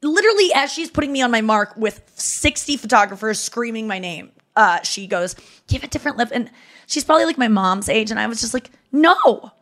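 A woman hosting a podcast, telling a story in a chatty, animated way, full of "like" fillers and wry self-mockery. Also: on the high side, fairly quick. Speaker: podcast host. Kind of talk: casual comedic storytelling.

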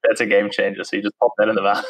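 A man in his thirties with a South African accent speaks in a lowish voice, rattling along at a quick clip. His casual chat is full of "like" and easy laughter. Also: flat delivery, poor audio. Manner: chatty, laughs easily, lots of "like". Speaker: interview guest. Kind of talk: casual conversation.

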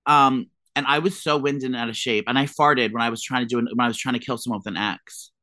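Woman cohost, low voice, rambly and jokey, dry close mic. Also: steady tone, fast talker, sharp tone, no room sound. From New Jersey. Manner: joking, rambling, lots of fillers. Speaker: podcast co-host. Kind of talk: casual chat.

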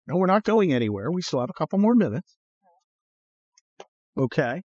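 With a high, animated voice carrying a breathy edge, a man hosts a political podcast at a moderate pace, leaving long pauses. He's blunt and sarcastic, swears at times, and mocks people in put-on voices, all in a dry, muffled recording.

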